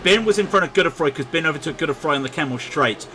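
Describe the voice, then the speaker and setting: Male sim-race commentator, high and bright, excitable, faint noise. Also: racing. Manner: excitable, shouts at crashes. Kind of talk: sim racing live commentary.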